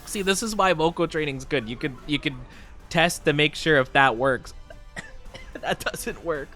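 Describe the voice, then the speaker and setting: A man streaming a game, chatting playfully and reacting to viewers in a lively, chatty way. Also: fairly high pitch, unhurried, soft background music. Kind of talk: casual gaming stream chat.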